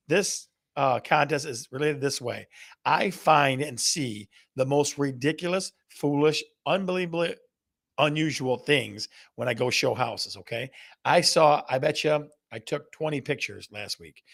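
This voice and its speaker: Here a real estate show host with a medium-pitched, creaky voice runs a live stream. He playfully puts questions to the audience, repeats them, and reads viewers' answers out loud.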